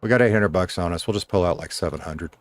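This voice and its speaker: Low-voiced man rambling on a stream. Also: fast, no echo. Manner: rambling, talks to himself and to chat. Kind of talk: casual livestream chat while gaming.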